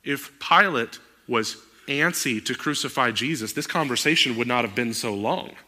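A man preaching a sermon, animated and moving into emphatic outbursts. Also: mid-range voice, normal speed. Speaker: pastor.

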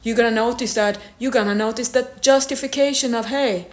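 Woman fitness coach, motivational monologue, frank and blunt, slightly high voice, echoey room. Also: steady tone, a little fast. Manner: blunt, candid, swears now and then.

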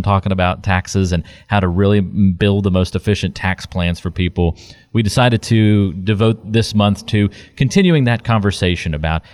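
A man's voice: on the low side, darkish tone, dry recording. A man co-hosting a podcast, chatting in an upbeat, easygoing way and bringing in the guest. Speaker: podcast co-host. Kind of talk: casual podcast chat.

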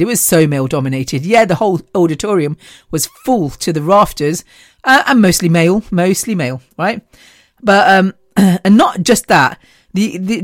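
A woman's voice: fairly low pitch, no room sound, clean studio sound. Gushing, chatty woman podcaster. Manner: gushing and chatty, with frequent laughs. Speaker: podcast host. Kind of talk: casual monologue.

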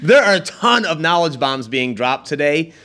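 A man's voice: fairly high pitch, sing-song, normal speed, pushed and bright. A man hosting a casual podcast, chatty and joking as he steers the talk. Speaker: podcast host.

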